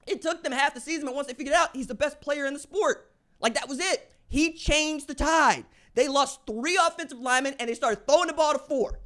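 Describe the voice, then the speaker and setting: A man hosting a sports podcast, delivering an opinionated monologue in casual slang, swinging from low asides to loud hype shouts. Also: brisk. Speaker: podcast host.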